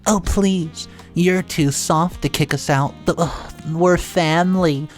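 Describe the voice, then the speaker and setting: Drunk stepbro slurring and scoffing, higher voice, as a guy narrator puts him on. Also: fairly even intonation, slow pace, soft background music. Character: drunk smug young stepbrother.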